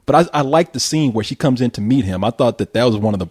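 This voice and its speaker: A man's voice: medium pitch, animated, fast talker, a little mellow, slight background noise. A man chatting casually on a movie review podcast, joking, laughing often and mimicking characters.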